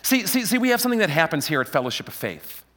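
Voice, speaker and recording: Playful preacher guy hyping up the church crowd, high bright voice, big hall reverb. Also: big pitch swings, fast talker. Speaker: pastor. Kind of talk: lively Palm Sunday sermon. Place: church hall with a live congregation. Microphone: handheld mic.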